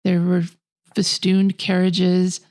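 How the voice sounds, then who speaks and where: A woman's voice: fairly low pitch, monotone, slow pace, darkish tone. A woman co-hosting a film podcast, giving a blunt and scathing review in casual chat. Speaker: podcast co-host.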